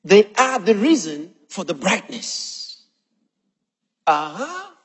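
A man preaching a sermon, quoting scripture slowly and with emphasis between long pauses. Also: high voice, sing-song, husky. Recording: long reverb of a large hall.

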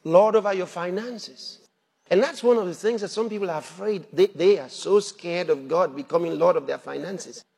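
A man preaching a sermon, animated, laughing between points and rising to shouts at the peaks. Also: high-pitched, normal speed, vocal fry, slightly rough. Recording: long hall reverb.

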